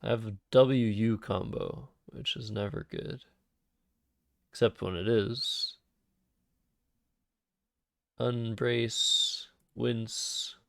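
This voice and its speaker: A man's voice: lowish voice, steady tone, extremely slow, creaky, long pauses, fairly bright tone, dry recording, clean studio sound. A man streaming a word game, thinking aloud and muttering candidate words in casual live commentary. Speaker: streamer playing word games.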